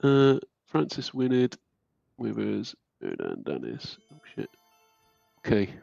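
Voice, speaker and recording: A man's voice: on the low side, huge pitch swings, takes it slowly, gravelly, a little mellow, dry recording, highs cut off, faint music behind. A man narrating as game master, hesitant with many ums.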